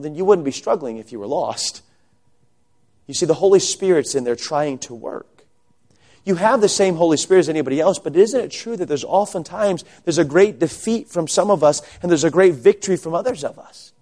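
A pastor preaching a sermon to his congregation in a church. He keeps asking rhetorical questions and swings between quiet low asides and loud, raised emphasis. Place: church sanctuary.

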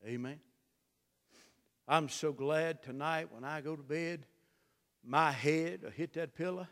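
A middle-aged man preaching a sermon, dropping to a hush and climbing to shouts in a folksy drawl. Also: fairly high pitch, slow pace, long pauses, big-room sound. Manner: swings from hushed to shouting, drawling folksy delivery. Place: church.

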